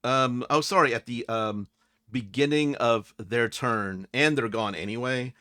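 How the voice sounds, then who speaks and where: A man narrating as game master in a casual, halting way with many fillers. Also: mid-range voice, bright, forceful tone, no room sound, studio quality.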